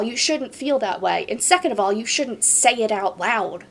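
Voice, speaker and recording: A woman's voice: fairly high pitch, animated, moderate pace, creaky, hardly any pauses, a bit bright, husky. A woman hosting a podcast in casual chat, reading posts aloud and reacting bluntly.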